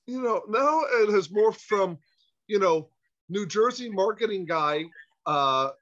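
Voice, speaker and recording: A man telling a long anecdote as a podcast guest, animated and stumbling over his restarts, on a muffled lo-fi recording. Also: sits high, a little slow. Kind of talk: storytelling anecdote. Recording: muffled lo-fi audio.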